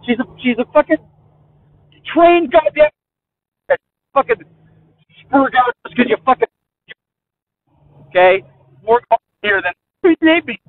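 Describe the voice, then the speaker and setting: A man's voice: very high voice, animated, slow pace, long pauses, no echo. A man rambling in a profane, agitated way while riding a motorcycle, talking into a headset mic. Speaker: vlogger. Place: outdoors on a motorcycle in traffic. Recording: tinny phone-like headset audio with faint vehicle noise.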